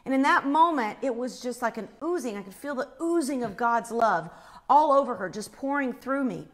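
A woman telling a personal faith story in an animated way, acting out the screams she describes. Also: on the high side, fairly quick.

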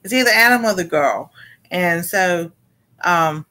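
A woman casually recapping a cartoon episode for a panel show, rambling and halting with many fillers. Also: fairly low pitch, lively intonation, bright, forceful tone, rough recording.

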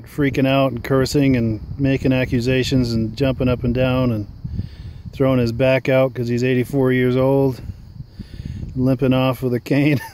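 A man's voice: medium pitch, a little mellow, a little hiss or hum. Rambling man chatting outdoors. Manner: rambling, chuckling, filler-laden. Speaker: vlogger. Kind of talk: casual rambling monologue. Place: outdoors on a park bench by a tennis court.

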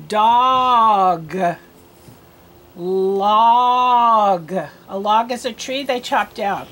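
A woman reading teacher leading a children's phonics lesson, sounding out letters in a slow, sing-song drill. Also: a little high, fairly bright tone.

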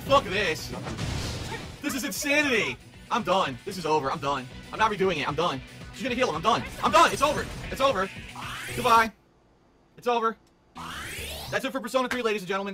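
High-voiced man ranting over a game. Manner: exasperated ranting, repeats himself. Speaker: gamer. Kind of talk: let's play commentary.

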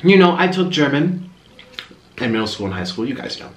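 A man's voice: fairly high pitch, very animated, brisk, a little hiss or hum. Chatty young man in a roomy echo. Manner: rambling, chatty, talking between bites. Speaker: mukbang host. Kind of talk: casual chat while eating on camera.

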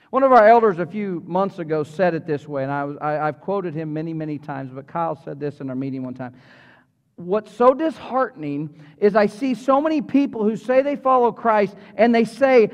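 A middle-aged man, a pastor, preaching a sermon in a church, animated and conversational with humorous asides to the congregation. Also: sits high, moderate pace. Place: church sanctuary. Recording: reverberant hall, slightly dull sound.

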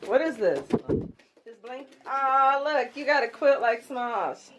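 A woman's voice: high voice, animated, measured pace, a bit bright. Woman vlogger coaxing her dog. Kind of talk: casual home vlog. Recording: noisy room full of family chatter.

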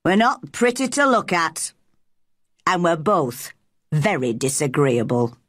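A woman voicing a lonely, plain-spoken old Yorkshire gardener in a storybook reading, her voice pitched down for him. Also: sing-song, slow pace, a bit bright, no echo, clean studio sound, heavily acted. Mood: blunt.

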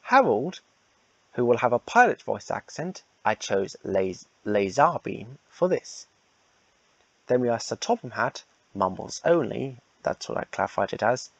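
Gravelly man with lively, rambling delivery. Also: mid-range voice, unhurried, no room sound, muffled recording. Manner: rambling, repeats himself. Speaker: fan redub organizer. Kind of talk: casual announcement.

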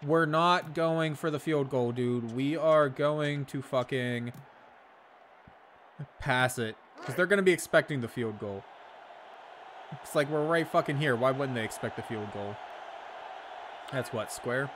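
A man's voice: mid-range voice, unhurried, pauses often, fairly bright tone, a little hiss or hum. A man streaming a video game, chatting casually with viewers, laid-back and profane, laughing often. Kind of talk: casual chat while gaming.

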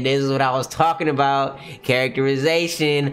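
A man reading a manga aloud on a livestream and reacting, animated, often exclaiming and laughing. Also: medium pitch, normal speed, hardly any pauses, clear, resonant tone.

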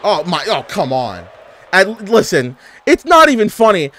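A young man giving casual, animated gameplay commentary as a gaming YouTuber, trash-talking and exclaiming. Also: high-pitched, measured pace, a little hiss or hum. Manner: animated trash talk, frequent laughs and exclamations.

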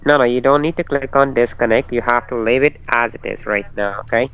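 A man's voice: medium pitch, a little fast, smooth. A man on a scam call, giving insistent, repetitive instructions. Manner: insistent, repetitive, formulaic phrasing. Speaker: scam caller. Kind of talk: phone call. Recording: muffled dry phone line.

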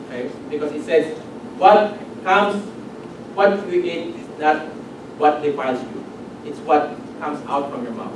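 A man's voice: a little high, unhurried, long pauses. A man from the Philippines with a Filipino accent, preaching a conversational sermon and checking in with the congregation by asking "okay?". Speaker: pastor. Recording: echoey hall, distant mic, background noise.

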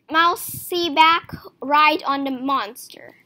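Bright, lively woman reading a children's book. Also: high voice, measured pace. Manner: expressive storytelling with character voices. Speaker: reader. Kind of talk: children's book read aloud.

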